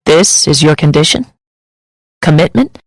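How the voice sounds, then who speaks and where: A woman voicing a fond, gentle young man who teases softly, in an audiobook. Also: expressive, measured pace, no room sound, exaggerated voice, poor audio. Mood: tender. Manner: soft, tender, low-key.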